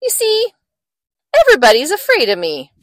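A tiny, cocky storybook mouse squeaks out lines high and bright, swooping wildly up and down, as a woman reading aloud puts him on. The sound is close and dry, with no room around it. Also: wildly swooping pitch, moderate pace, no echo, exaggerated voice. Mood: cheeky. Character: small brave clever mouse, boastful.

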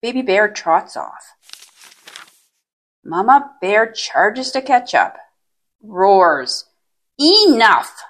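A woman reads a children's story aloud at a medium pitch, her voice lifting and dipping expressively. She sounds gentle and clearly paced for young listeners. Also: big pitch swings, slow pace, pauses often.

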